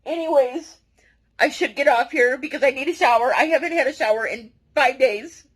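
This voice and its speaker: A woman speaking directly to her viewers in a personal confessional vlog, earnest and halting, often restarting her sentences. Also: sits high, husky, low-quality recording. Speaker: vlogger.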